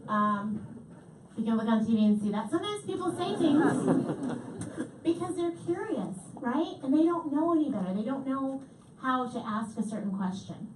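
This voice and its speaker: Female keynote speaker, slightly high voice, lively delivery, heard from far off in an echoey hall. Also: moderate pace, noisy background. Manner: lively, animated, repeats audience answers. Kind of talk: comedic keynote talk. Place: large hall.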